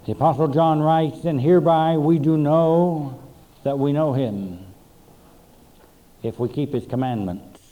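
A man preaching a sermon, reading scripture and stressing words with slow, emphatic pauses. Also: on the high side, warm tone, low-quality recording. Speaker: pastor.

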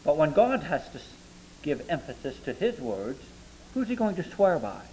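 A man with a notably high voice preaches a sermon, working slowly through scripture verse by verse. He lingers on the words he wants to land, with a faint hum behind him. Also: sing-song, dark tone, rough recording. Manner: measured Bible exposition, slowing to stress key words. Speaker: pastor.

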